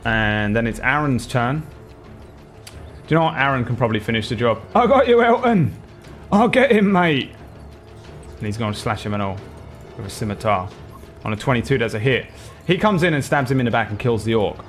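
A man's voice: medium pitch, quick pace, fairly bright tone, soft background music. Rambling young man running a tabletop game. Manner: rambling, laughs often, many fillers. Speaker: game master.

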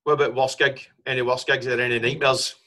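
A man hosting a casual interview, asking relaxed questions and giving short responses. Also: mid-range voice, fast. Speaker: podcast host.

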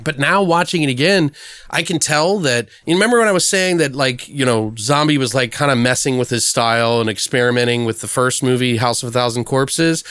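A man's voice: medium pitch, brisk, fairly bright tone, smooth, no echo, clean studio sound. A man hosting a casual horror film podcast, rambling through a story and swearing freely. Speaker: horror movie podcast host. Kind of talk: casual chat, film review.

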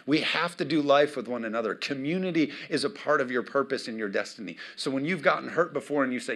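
A middle-aged man preaching a sermon as pastor, with emphatic swings between loud declarations and quiet asides. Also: mid-range voice, fast, few pauses.

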